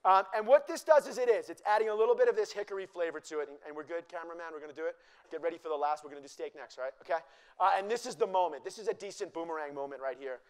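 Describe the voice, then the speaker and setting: Chatty, wisecracking man demoing a dish for a live crowd, fairly high voice. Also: very fast, clear, resonant tone. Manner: joking, teasing and chatty with the crowd. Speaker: chef giving a live cooking demo. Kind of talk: live cooking demonstration to an audience.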